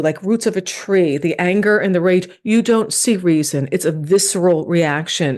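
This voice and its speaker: A woman from New York, a comedian guest on a podcast, telling stories in casual chat and acting out the voices of the people she quotes. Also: lowish voice. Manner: animated storytelling, acts out quoted dialogue.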